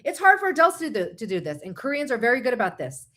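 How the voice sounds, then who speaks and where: A woman counselor hosts a live talk and chats her way through the subject. She explains with many asides and keeps an animated, talkative manner. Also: a little high, fast. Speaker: host, licensed counselor.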